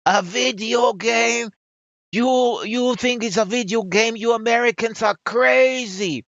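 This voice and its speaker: A woman's voice: fairly low pitch, steady tone, moderate pace, dry recording, muffled recording, voice pushed up, lightly acted. A man voicing an indignant woman radio journalist with a French accent. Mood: shouting.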